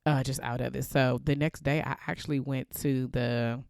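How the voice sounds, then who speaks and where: A woman in her thirties hosting a casual faith podcast, with a deep, bassy voice that sounds congested from allergies. She is chatty and laughs often. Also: steady tone, moderate pace, a little mellow, no room sound, clean studio sound. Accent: American. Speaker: podcast host.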